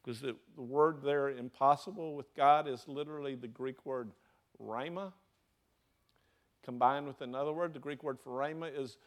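A man's voice: medium pitch, fairly even intonation, moderate pace. A man with a Southern US accent preaching a sermon, throwing rhetorical questions to his congregation. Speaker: pastor.

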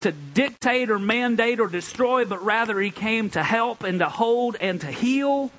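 A man with a high voice delivers a sermon as the pastor. He leans hard into key phrases, lifting and slowing them for weight. Between those peaks he settles into a low, chatty tone. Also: lively intonation, fairly bright tone, poor audio. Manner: emphatic preaching with sudden high, drawn-out lines; drops to a low, conversational tone for asides.

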